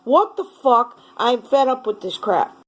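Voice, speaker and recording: High-pitched woman ranting on camera; slow, seething, heavy profanity. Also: sing-song, low-quality recording. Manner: furious, profane, swears constantly. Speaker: vlogger. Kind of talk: angry rant to camera.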